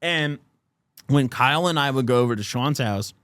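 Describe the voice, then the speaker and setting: A man's voice: mid-range voice, moderate pace, clear, resonant tone, no echo, clean studio sound. A young man in his twenties, a podcast host telling a story in a casual, profane way. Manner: animated, profane, heavy use of "like".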